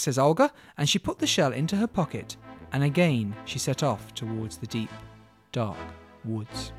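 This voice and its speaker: A man telling a fairy tale in an expressive, playful way, speaking straight to the listener. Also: medium pitch, moderate pace, faint music behind. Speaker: storyteller. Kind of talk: dramatic storytelling.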